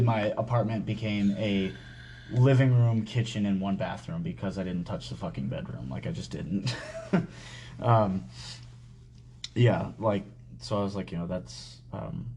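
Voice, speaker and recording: A man hosting a podcast, telling a personal story in casual talk, halting and full of swearing and fillers. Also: on the low side, darkish tone, a little hiss or hum. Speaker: podcast host.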